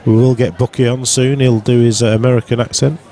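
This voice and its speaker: A man's voice: mid-range voice, flat delivery, brisk, mellow. A man from the UK giving casual live pool commentary from a pub, joking with his co-commentator. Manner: jokey banter with co-commentator. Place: pub venue.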